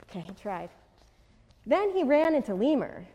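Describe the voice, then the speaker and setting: A woman reading a picture book aloud to children, expressive, with playful asides. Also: a little high, moderate pace, slightly rough. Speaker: storyteller for children. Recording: long hall reverb.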